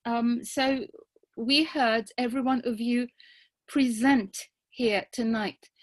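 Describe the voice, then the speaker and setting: A woman giving a grammarian's report at a club meeting, speaking carefully and deliberately as she spells out tricky words. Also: a little high, fairly even intonation, dry recording, low-quality recording.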